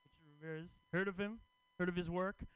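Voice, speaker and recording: A male comic on stage, trading wry deadpan asides with the audience. His voice is high for a man, smooth and clear, and it is recorded close and dry. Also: quick pace, no room sound, lo-fi sound. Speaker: stand-up comic and festival host. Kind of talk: stand-up set. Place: comedy club stage.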